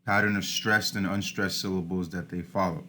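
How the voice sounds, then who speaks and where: A man's voice: sits low, fairly even intonation, normal speed, sharp tone. A man teaching a recorded lesson over slides, informal, often starting with "all right" and correcting himself.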